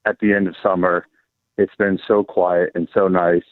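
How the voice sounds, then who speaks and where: An American man calling in to a radio show, talking in a relaxed, unhurried way over the phone. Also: low voice, no room sound. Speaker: caller. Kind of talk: phone-in call. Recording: tinny phone line.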